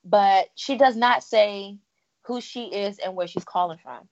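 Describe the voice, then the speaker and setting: A woman's voice: mid-range voice, a little slow, darkish tone. A woman chatting with friends on a podcast, telling her story with energy and slipping into the voices of the people she quotes. The audio is a little dull. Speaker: podcast co-host. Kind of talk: casual chat.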